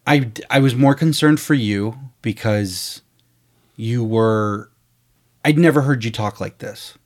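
A man's voice: medium pitch, slow. A man, a screenwriter, chatting casually on a podcast and telling a story, acting out quoted dialogue and swearing freely. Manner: profane, candid.

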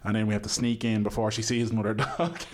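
Podcast cohost, low voice, easygoing chatty tone, laughs a lot. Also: male voice, fairly even intonation, fast, slight background noise. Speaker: podcast co-host. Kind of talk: casual chat.

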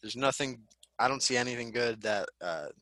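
A man from Connecticut, a comedian guest in a casual chat, talking in a rambling, halting way with frequent restarts. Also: mid-range voice, a bit bright, no echo. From Connecticut, USA.

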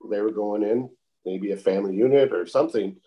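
A man calmly telling a long outdoor story in a casual interview, with many repeated "I said" tags. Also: on the low side. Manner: calm, unhurried, repeats "I said" often.

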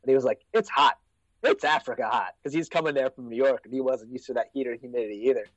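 A quick-talking American man spins casual anecdotes with a loose, profane ease. His voice sits close and dry, with a dull, lo-fi tone. He lets sentences sink into quiet asides. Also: no echo. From United States. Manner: laid-back, profane, trails off into low asides. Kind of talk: casual storytelling chat.

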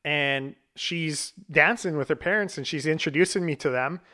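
A man's voice: a little high, normal speed, pushed and bright. Blunt, profane man in his thirties. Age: 30s. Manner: blunt and profane, laughing at himself. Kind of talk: casual storytelling.

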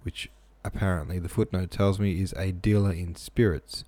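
Male reader for a classic novel, deep, dark timbre, casual asides, dry close mic. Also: fairly even intonation, moderate pace, dry recording. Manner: plain reading with casual asides. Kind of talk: reading a novel aloud.

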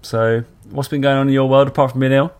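A man's voice: mid-range voice, little pitch movement, fast, smooth. A man co-hosting a podcast, bantering and teasing his partner in casual chat. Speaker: podcast co-host.

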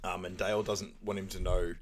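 A man with a lowish voice retells film scenes for a podcast and laughs often as he goes. A faint noise sits under the recording. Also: level tone, fairly quick. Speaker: podcast co-host. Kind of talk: casual film recap chat.

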